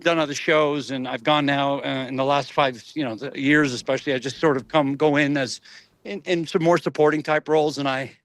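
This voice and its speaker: A middle-aged man, an actor guest in a casual interview, telling animated stories, laughing often and acting out voices. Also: mid-range voice, fairly quick, no echo.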